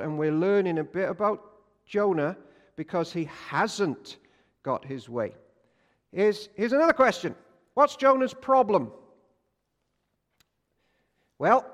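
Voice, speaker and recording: A man preaches a sermon in a high voice, animated and joking as he keeps asking his listeners questions. His words ring out with the long reverb of a church hall. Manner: animated, jokey, asks the congregation questions. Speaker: pastor.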